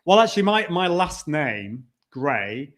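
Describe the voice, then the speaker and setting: A talkative man hosting a live stream, his voice sitting a little high for a man. He chats loosely with his guest, trips over the start of sentences, and reads viewer comments aloud. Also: sing-song, a little slow, a crowd in the background. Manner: chatty, restarts, reads out comments. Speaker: host.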